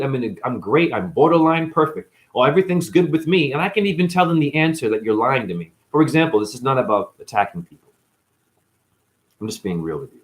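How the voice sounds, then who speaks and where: Man vlogger, in chronic pain, raw profane monologue, blunt and rambling. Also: medium pitch. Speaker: live-stream vlogger.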